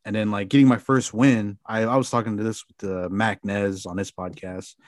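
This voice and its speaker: A man's voice: lowish voice, steady tone, moderate pace, a little mellow, dry recording, studio quality. A man talking as a podcast guest, telling a rambling story full of fillers and the odd swear word. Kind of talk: casual storytelling.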